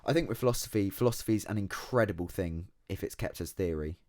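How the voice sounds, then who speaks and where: Low-voiced young man, lively casual podcast chat, dry close mic. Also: fast talker, no room sound. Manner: animated, laughs often, swears freely. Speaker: podcast guest.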